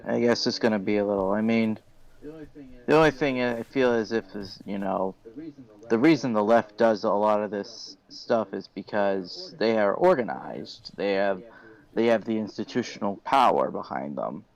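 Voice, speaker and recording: A man's voice: fairly low pitch, moderate pace, creaky, dull audio. A man in casual group talk on a live stream, rambling and hesitant as he makes his points. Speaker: stream participant.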